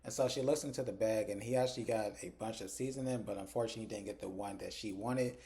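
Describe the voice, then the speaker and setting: Mellow-voiced man recapping a TV episode. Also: lowish voice, quick pace. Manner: animated retelling, slips into characters' lines, profane. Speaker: TV episode reviewer. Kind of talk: casual recap chat.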